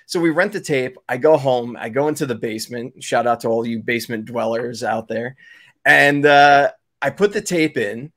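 A man's voice: medium pitch, moderate pace, a bit bright. Rambling male storyteller from New York. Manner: rambling, many fillers and self-corrections. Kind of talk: casual storytelling chat.

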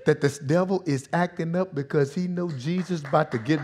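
A male pastor preaching a sermon in a vernacular style, swinging from hushed, intimate passages to loud shouting. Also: a little high, fairly quick, few pauses, slight background noise.

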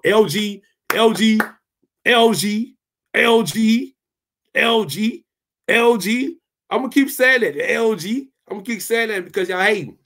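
A young man hosting a tech channel, ranting heatedly and casually while reading his live chat. He repeats himself a lot and swears freely. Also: high voice. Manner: fired up, repetitive, swears freely.

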